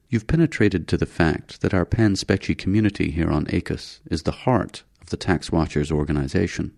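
A courteous alien leader with a low, gravelly voice and menace under every polite word, read by a man. He speaks smoothly and formally. An audiobook character. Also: darkish tone, dry recording, studio quality.

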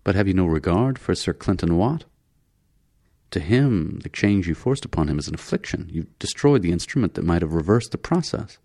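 A man voicing a polite but menacing male alien leader in a science fiction audiobook, speaking with smooth courtesy. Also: sits low, lively intonation, brisk, warm tone, dry recording, clean studio sound.

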